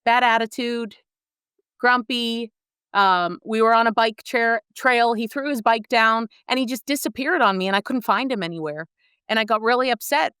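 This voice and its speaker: A woman guest on a podcast, telling a personal story in an earnest and expressive way. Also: fairly high pitch, clear, resonant tone, no echo, clean studio sound.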